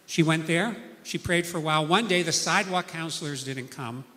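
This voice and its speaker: A man's voice: on the high side, brisk, sharp tone, big-room sound. A man preaching a sermon, telling stories earnestly and acting out the people he quotes.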